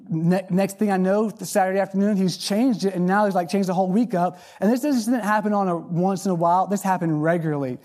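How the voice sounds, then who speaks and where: Brief: male lay preacher, fairly high mellow voice, folksy storytelling sermon, stumbles on repeated words. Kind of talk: sermon testimony.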